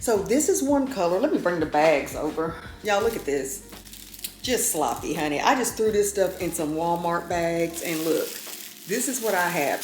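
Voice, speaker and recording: A woman's voice: lowish voice, noisy background. A woman in her fifties chatting to camera at home in a folksy way, often calling her viewers y'all. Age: 50s. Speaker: vlogger. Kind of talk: casual chat to camera. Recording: roomy echo.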